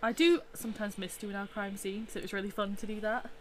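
A woman in easy conversation with a friend, agreeing often and circling back to restate her points. Her voice sits at a middle pitch, and a faint hiss runs under the recording. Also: steady tone, fast. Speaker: artist. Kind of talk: casual chat.

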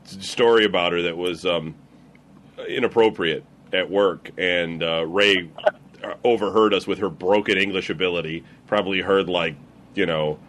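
A man's voice: deep voice, steady tone, moderate pace, fairly bright tone, a little hiss or hum. A man chatting casually on a podcast, rambling and hesitant as he tells a story. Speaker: podcast co-host. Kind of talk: casual chat.

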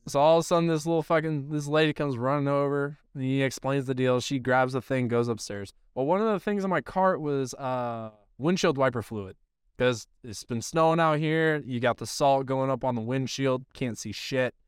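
A man's voice: medium pitch, moderate pace, clear, resonant tone, no echo, clean studio sound. A man hosting a podcast, telling a casual story in a rambling, profane way with lots of filler words. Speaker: podcast host.

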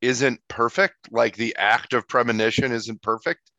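A man's voice: mid-range voice, fairly even intonation, unhurried, pushed and bright, no room sound, lo-fi sound. A man co-hosting a podcast, arguing his point in a dry, sarcastic, casual way. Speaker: podcast co-host. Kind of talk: casual chat.

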